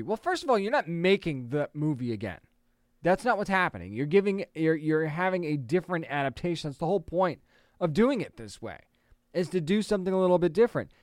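Casual male entertainment host, thirties to forties, smooth clear tone, opinionated chatter. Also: a little high, very animated, no echo, clean studio sound. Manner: chatty, opinionated, quick asides. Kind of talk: casual commentary.

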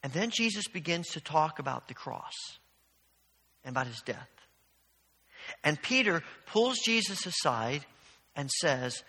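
A man's voice: a little high, expressive, unhurried, sharp tone, breathy edge, in a large hall. A man preaching a sermon as pastor, earnest and storytelling, often restarting his phrases.

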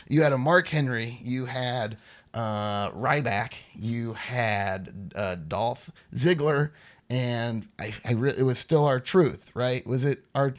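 A man's voice: mid-range voice, slow. A man hosting a podcast, giving a casual, rambling wrestling recap and repeating points for emphasis. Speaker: podcast host.

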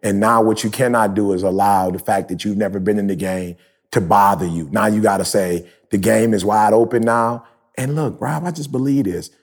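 A man in his thirties hosting a podcast, talking in an animated, preachy, slangy way. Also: lowish voice, fairly quick, slightly rough. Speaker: podcast host. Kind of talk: casual podcast chat. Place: live event in Jamaica.

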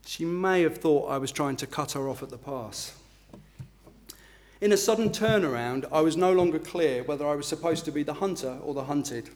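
A man's voice: a little high, moderate pace, darkish tone. A middle-aged man, an author from England, giving a self-deprecating talk with filler ums and then reading a passage from his book.

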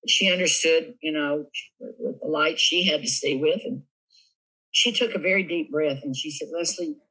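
Man, Southern US accent, animated, giggly storyteller, husky voice. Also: fairly high pitch, moderate pace, rough recording. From Tennessee, USA. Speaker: guest. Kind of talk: casual storytelling interview.

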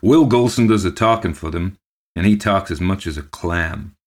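Old country postmaster, low and soothing, read by a male narrator. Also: moderate pace. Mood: earnest. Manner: calm, placating, murmuring.

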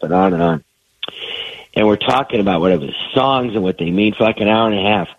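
Husky man with a cold telling stories. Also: lowish voice, fast, no echo, lo-fi sound. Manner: rambling storyteller. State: has a cold. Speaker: guest comedian. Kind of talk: casual radio interview.

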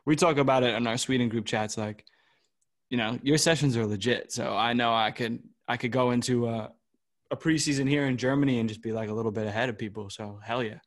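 A man's voice: mid-range voice, brisk. A man hosting a podcast, talking in a casual, eager way and repeating himself as he starts sentences. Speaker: podcast host. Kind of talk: casual chat.

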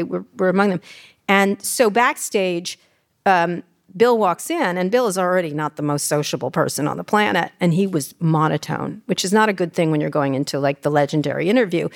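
Blunt, fast-talking woman telling stories. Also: fairly low pitch. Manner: fast, irreverent, profane anecdotes with impressions. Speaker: host and memoir author being interviewed. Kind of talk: candid storytelling on stage. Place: live event stage.

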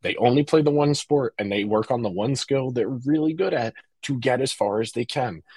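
A man co-hosting a casual hockey podcast, opinionated and animated, often restarting his sentences. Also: medium pitch, moderate pace, breathy edge, no room sound. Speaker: podcast co-host.

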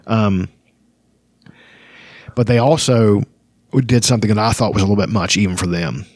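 A man's voice: on the low side, normal speed, a little mellow, dry recording, studio quality. A man hosting a casual book talk, rambling with frequent restarts. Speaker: podcast host discussing a fantasy novel. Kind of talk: casual chat and reading aloud.

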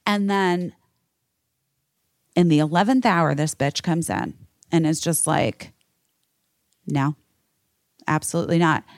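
A woman from the United States hosting a podcast, telling a story in a profane, animated rant. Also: lowish voice, takes it slowly, long pauses, dry recording, studio quality. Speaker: podcast host. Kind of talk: casual podcast chat.

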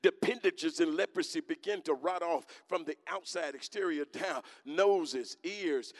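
A male preacher giving a sermon in rhythmic phrases, calling on the congregation to answer and swinging from quiet talk to shouting. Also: on the high side, a little slow.

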